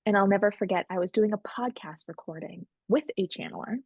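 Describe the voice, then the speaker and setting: A woman's voice: mid-range voice, a little fast, slightly rough, no echo, phone-quality sound. A woman guest on a podcast, telling her story candidly and animatedly, acting out what others said. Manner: candid, animated, quotes others in shifting voices. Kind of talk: casual storytelling.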